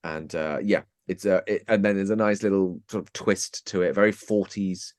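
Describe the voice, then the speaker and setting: Deep-voiced man chatting on a podcast. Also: steady tone, darkish tone, no room sound, studio quality. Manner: chatty, self-mocking, with quick impressions. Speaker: podcast guest. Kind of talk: casual chat.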